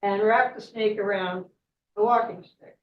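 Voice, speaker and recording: A woman with a mid-range, steady voice speaks a little slowly as a guest at a club meeting. She tells a myth in a chatty way, laughing often and checking in with "right?". The recording is dull, with an echoey room and a distant mic.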